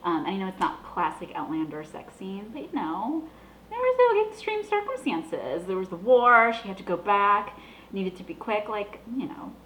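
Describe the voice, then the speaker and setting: A woman's voice: mid-range voice, moderate pace, roomy sound, slight background noise, rough recording. A young adult woman from the Boston area hosting her own show, talking in a chatty, gushing way. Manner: chatty, gushing, animated with laughs. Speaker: vlog host. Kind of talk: casual chat.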